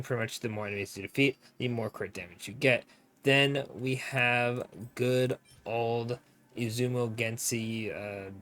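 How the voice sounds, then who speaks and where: A man's voice: mid-range voice, fairly bright tone. A young man giving casual game guide commentary, rambling and often forgetting names with self-mocking asides. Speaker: gaming content creator.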